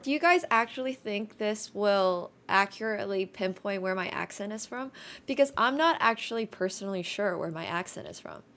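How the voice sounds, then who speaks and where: Young woman, twenties, Californian accent, fairly high voice, wry and chatty streamer talk. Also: fairly bright tone. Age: 20s. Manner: chatty, wry, self-deprecating. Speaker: chess streamer. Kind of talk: casual livestream chat.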